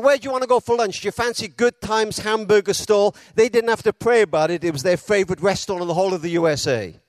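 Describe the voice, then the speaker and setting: A preacher with a notably high voice delivers a sermon, telling his story with dramatic pauses and filling the quotes with feeling. The recording is dry, without room echo.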